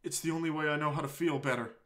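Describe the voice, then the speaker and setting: A shy, anguished teenage girl, read by a man in a tearful, halting confession, her lines a touch higher. The voice stays bright and tense as she pleads and breaks, read straight from a visual novel. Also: fairly even intonation, close to an everyday voice. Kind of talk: reading a visual novel aloud.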